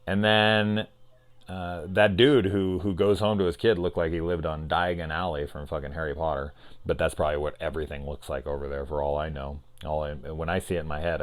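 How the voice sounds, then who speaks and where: Deep-voiced man ranting about a film. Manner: loose, profane, acts out scenes in quick voices. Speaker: horror film reviewer. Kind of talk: casual film review chat.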